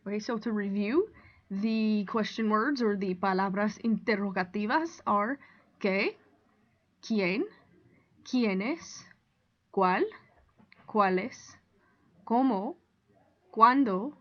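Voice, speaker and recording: A woman teacher walks through a language lesson at a steady, deliberate pace, reading out examples and explaining each one. Her voice sits at an everyday middle pitch. The recording is a little dull and lo-fi. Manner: clear, deliberate explaining with example sentences read aloud. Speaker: Spanish teacher.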